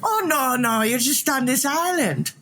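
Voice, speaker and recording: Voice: sits high, lively intonation, measured pace, sharp tone, heavily acted. A performer doing a chirpy island greeter. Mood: cheery. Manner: chirpy, patronizing.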